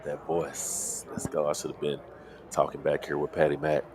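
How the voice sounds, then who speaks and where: A man working as a poker dealer, with a deep radio voice, bantering casually on a live stream. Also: monotone, moderate pace, crowd noise.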